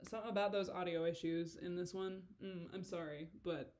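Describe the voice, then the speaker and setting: A woman's voice: fairly low pitch, fairly even intonation, a little fast, a little mellow, slight background noise. A woman giving a casual director's commentary on her own video, rambling, giggling and swearing freely.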